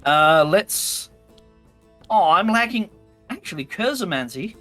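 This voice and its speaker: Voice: mid-range voice, very animated, takes it slowly, fairly bright tone. A stream host reading game event text aloud and thinking aloud while playing a card game with friends, with faint music behind.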